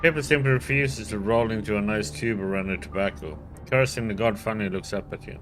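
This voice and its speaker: A man's voice: lowish voice, brisk, few pauses, a bit bright, faint music behind. A man playing a video game, casually reading its narration aloud. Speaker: game streamer.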